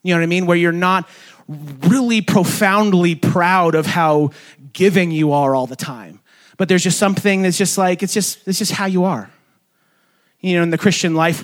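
A young man preaching a sermon as pastor in a casual, conversational way, with fillers and self-corrections, sometimes jumping high to act out quoted voices. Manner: acts out quoted voices in sudden high pitch. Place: church sanctuary.

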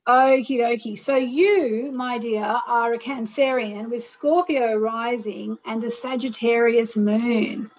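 A woman's voice: fairly high pitch, steady tone, slow pace, few pauses, muffled recording. A woman hosting a call-in show, guiding listeners through a meditation and chatting with callers in a soothing, chatty way. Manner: soothing and chatty, leads chants. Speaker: radio show host and astrologer. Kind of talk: guided meditation and call-in chat. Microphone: plain microphone without reverb.

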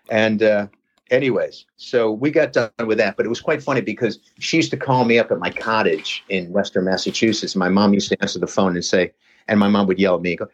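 A man's voice: lowish voice, a little fast. A man telling stories in a casual chat, rambling with many fillers, on a dull lo-fi recording. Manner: rambling, lots of "you know" fillers. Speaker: podcast guest, personal trainer. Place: lives near Reading, England. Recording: dull lo-fi sound.

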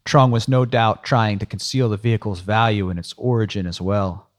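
A man's voice: on the low side, steady tone, moderate pace. A man narrating a first-person audiobook in a dry, sardonic storytelling manner.

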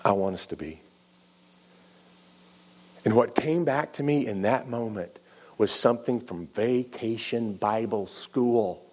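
Middle-aged male pastor in a sermon, animated storyteller, jumps up in pitch for quoted dialogue, frequent restarts. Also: slow, long pauses. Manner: animated and repetitive, many restarts, acts out dialogue.

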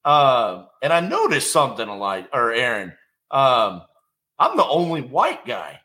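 Podcast host guy, bright punchy voice, loose chatty talk. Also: medium pitch, huge pitch swings, unhurried. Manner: conversational, lots of fillers and restarts. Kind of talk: casual interview chat.

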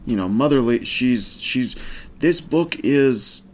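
A podcast co-host in loose, casual talk. Wry remarks come out in rambling, restarted phrases, at an ordinary middle pitch. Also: expressive, slow, darkish tone.

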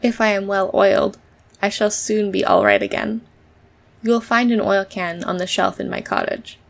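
A woman voicing a polite, sad male man made of tin, speaking slowly and courteously in a storybook reading. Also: mid-range voice, fairly even intonation, creaky, natural voice. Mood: plaintive.

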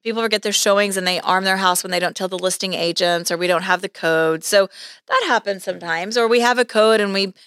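A woman's voice: mid-range voice, brisk, clean tone, no room sound, studio quality. A woman real estate agent telling a story in a casual podcast chat, acting out the voices of the people in it. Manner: animated, acts out quoted voices.

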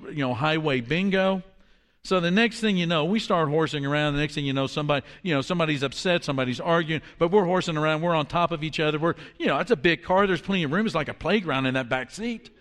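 A man in his fifties preaching a sermon, telling stories in an animated way that drops to a hush for quoted lines. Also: on the high side, quick pace, big-room sound. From Washington, D.C. area. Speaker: pastor.

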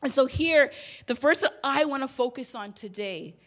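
A woman's voice: high voice, expressive, moderate pace, fairly bright tone. A woman in her thirties preaching a sermon, telling a personal story with bursts of emotion. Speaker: pastor.

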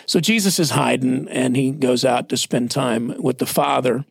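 A male pastor in his forties shares stories in a casual church podcast, plainspoken and self-deprecating. His voice is gravelly with a husky grain. The sound is dry and close. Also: mid-range voice, normal speed, dry recording.

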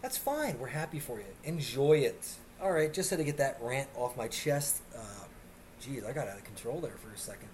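Male podcast host on a comic rant, animated delivery with mocking impressions, faint noise behind. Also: mid-range voice, moderate pace. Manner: animated, mocking put-on voices when quoting others. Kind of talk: comedic rant. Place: Miami area.

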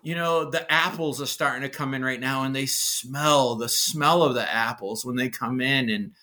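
Bright-voiced chef with a Massachusetts accent. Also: male voice, mid-range voice, moderate pace. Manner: animated, enthusiastic storytelling. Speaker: executive chef, guest. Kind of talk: casual interview chat.

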